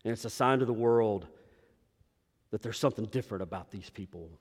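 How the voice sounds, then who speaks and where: Pastor preaching in a reverberant hall. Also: male voice, lowish voice, a little fast. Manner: preaching with emphatic rises and hushed drops. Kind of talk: sermon. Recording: long reverb of a large hall.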